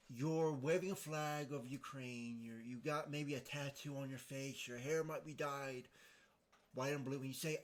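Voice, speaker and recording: A man hosting a podcast, explaining grammar in a casual, hesitant monologue with many fillers and restarts. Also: fairly high pitch. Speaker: podcast host.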